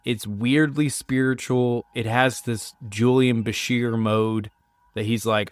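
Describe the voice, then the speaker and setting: A man's voice: mid-range voice, steady tone, takes it slowly, no room sound. A man hosting his own podcast in a chatty, self-mocking way, still getting over a sinus cold. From United States. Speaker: podcast host. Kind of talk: casual solo podcast talk.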